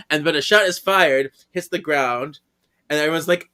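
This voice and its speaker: A man co-hosting a casual podcast, recapping a book and acting out characters with sudden shouts and laughter. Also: a little high, a little fast, clear, resonant tone. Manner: animated, acts out characters with big shouts and laughs. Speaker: podcast co-host.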